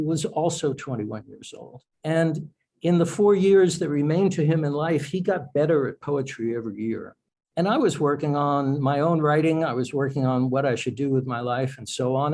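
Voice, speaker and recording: A man's voice: on the high side, creaky, a little mellow, low-quality recording. A man, an author, speaking as a guest in a podcast interview, explaining in a thoughtful, self-correcting way.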